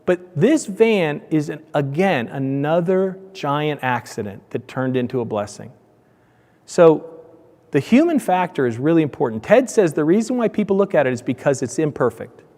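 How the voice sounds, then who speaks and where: Animated man presenting in a hall. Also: normal speed. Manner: animated, acts out dialogue with raised pitch. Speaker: conference speaker, donut shop owner. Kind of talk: storytelling presentation. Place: conference hall. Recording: hall reverb from a conference room.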